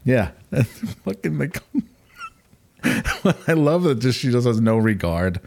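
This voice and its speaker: A man's voice: mid-range voice, big pitch swings, slow, creaky, darkish tone. A man co-hosting a podcast in casual chat, rambling and laughing as he talks. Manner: rambling, laughing, many "like" fillers. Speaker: podcast co-host.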